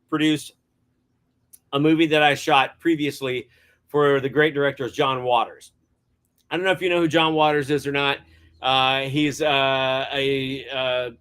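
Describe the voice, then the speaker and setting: A middle-aged man speaks as an interview guest, moving through his stories with plenty of hesitant fillers. His voice sits at an ordinary pitch, and his tone stays casual and chatty. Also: fairly bright tone. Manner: rambling, many hesitant fillers, chuckles often. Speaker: guest cinematographer.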